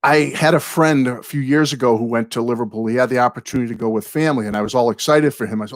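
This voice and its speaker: A man's voice: mid-range voice, quick pace, hardly any pauses, no echo. An American man in his sixties hosting a live chat, a rambling, chatty storyteller who often apologizes and thanks viewers. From United States. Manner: apologetic, warm toward viewers. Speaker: host.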